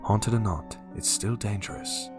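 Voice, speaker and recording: A man voicing a quiet, worried man in his late fifties with a Liverpool accent, speaking in grave, half-whispered warnings. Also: on the low side, unhurried, music in the background, voice pushed up, lightly acted. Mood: disapproving. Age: 50s.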